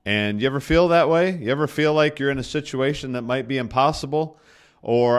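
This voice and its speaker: A male pastor delivering a sermon in a mid-pitched, conversational voice. He talks to the congregation as if chatting, circling back to repeat key lines and stopping to rephrase himself as he goes. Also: lively intonation, moderate pace. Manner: conversational preaching that restates points for emphasis; frequent self-corrections and restarts.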